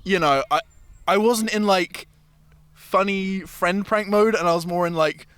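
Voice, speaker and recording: A man's voice: high voice, measured pace, clean tone, no room sound. A man hosting a casual podcast chat, telling a story with lots of swearing and acted-out voices. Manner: animated storyteller, swears freely, acts out voices. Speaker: podcast host.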